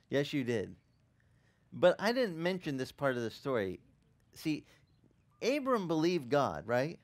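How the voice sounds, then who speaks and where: A middle-aged man preaching a sermon as pastor, telling the story with animated acted-out quotes and laughter. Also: medium pitch, moderate pace.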